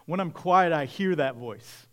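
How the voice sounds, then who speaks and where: A pastor delivering a sermon, a man with a slightly high voice for his sex. He speaks in a conversational, reflective way and addresses his congregation directly. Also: expressive, unhurried.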